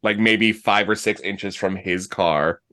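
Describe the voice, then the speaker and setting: A man narrating a tabletop game as game master in a relaxed, playful way. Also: low voice, measured pace, no room sound, studio quality.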